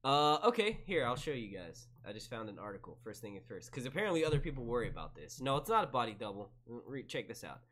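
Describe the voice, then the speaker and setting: A man in casual livestream chat who rambles and swears freely. His pitch swings widely as he reacts to viewers and laughs at his own tangents. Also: big pitch swings, fast, hardly any pauses, fairly bright tone. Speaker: streamer and show reviewer.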